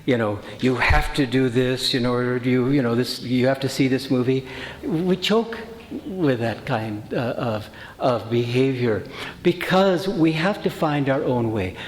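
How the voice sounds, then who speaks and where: A man at a middle pitch gives a spiritual talk to a retreat group, chatty and full of stories, often stopping to restart a phrase. His voice carries a roomy echo with a long reverb tail from the hall. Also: expressive, measured pace. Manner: anecdotal, conversational, many fillers and restarts. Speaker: retreat teacher.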